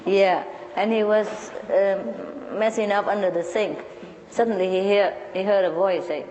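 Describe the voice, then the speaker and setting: A woman's voice: medium pitch, normal speed, in a large hall, a crowd in the background, low-quality recording. A woman casually telling an anecdote in a chatty way, laughing often and restarting her phrases.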